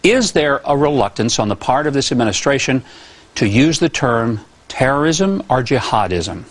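A man's voice: medium pitch, very animated. Direct male TV interviewer. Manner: direct, measured questioning. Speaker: TV interviewer, former governor. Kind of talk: broadcast interview.

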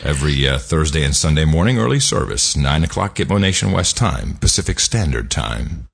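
Husky-voiced male podcast host. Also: rumbling low, big pitch swings. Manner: chatty, with many filler pauses. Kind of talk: casual chat. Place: studio.

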